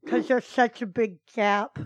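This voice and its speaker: Woman, podcast co-host, slow pace, dry close sound, playful teasing. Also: on the high side, fairly even intonation, no echo. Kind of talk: casual comedy podcast chat.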